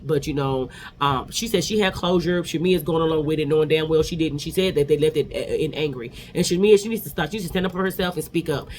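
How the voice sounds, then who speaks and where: Man, high-pitched, quick, sassy, animated, casual vlog recap. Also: slight background noise. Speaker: vlog host.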